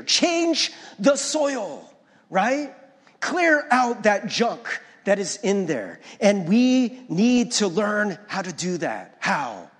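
A man's voice: sits high, husky, in a large hall. A male pastor preaching a conversational sermon, often checking in with the congregation and restarting his words. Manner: restarts and stumbles over words.

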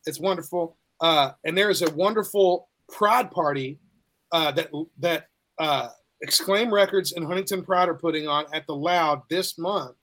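A man with a high-pitched voice co-hosting a podcast. He chats casually and with enthusiasm, and he swears freely as he talks. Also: normal speed, bright, forceful tone. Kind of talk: casual chat.

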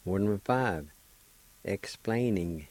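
Radio host, male, slow deliberate teacher, mellow dry studio voice. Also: deep voice, lively intonation, dry recording, poor audio. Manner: slow, deliberate, spells syllables one at a time. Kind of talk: slow spelling and pronunciation lesson.

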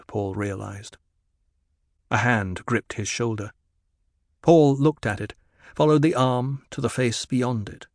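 A man narrating a novel in an even, descriptive reading. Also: medium pitch, dry recording, studio quality. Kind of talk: audiobook narration.

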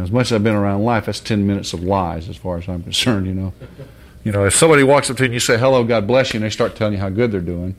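In an informal sermon, a man speaks bluntly and folksily with mild profanity, his voice dipping low and soft before rising into high, loud shouting.

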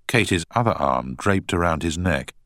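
A man narrating a novel in a measured, expressive reading. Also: deep voice, no room sound, clean studio sound. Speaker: audiobook narrator. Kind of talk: scripted narration.

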